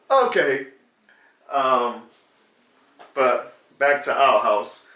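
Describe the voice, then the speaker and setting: A man's voice: mid-range voice, a little slow, long pauses, pushed and bright, distant mic. Exasperated man ranting in a roomy space. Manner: exasperated, sarcastic, mocks rival fans in put-on voices. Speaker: sports reaction channel host. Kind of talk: casual fan reaction rant.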